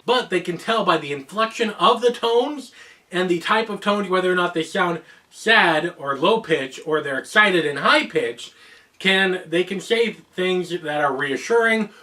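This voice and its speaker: Bright, high-voiced American man explaining. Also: distant mic. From United States (Oregon). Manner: playful, joking, shifts into voices for examples. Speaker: host. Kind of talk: casual explainer video.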